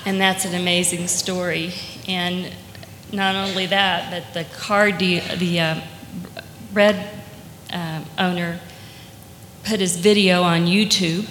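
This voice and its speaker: A woman telling a personal story as a testimony, heartfelt and earnest, often pausing with fillers. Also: lowish voice, fairly even intonation, noisy background. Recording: echoey hall, faint ambience.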